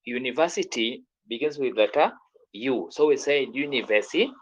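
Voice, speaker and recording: A man's voice: mid-range voice, moderate pace, low-quality recording. A man teaching French pronunciation in an online class, repeating words and quizzing his student.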